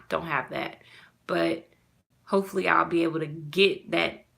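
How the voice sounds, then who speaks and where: Slow, gravelly-voiced mother venting. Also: fairly low pitch, fairly bright tone. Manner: heartfelt, rambling, with many "you know" fillers. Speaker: mother vlogging about her custody loss. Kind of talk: casual personal rant to camera.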